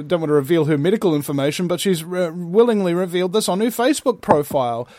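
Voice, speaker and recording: A man hosting a talk show, ranting in an animated way and swearing often. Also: fairly high pitch, no room sound, clean studio sound.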